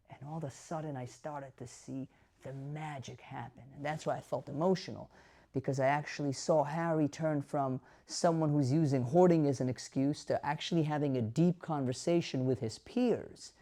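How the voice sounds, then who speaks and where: A man's voice: a little high, steady tone, normal speed, warm tone. A man, a physician, telling an emotional story straight to camera in an earnest way, often asking the viewers questions. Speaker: dementia care physician.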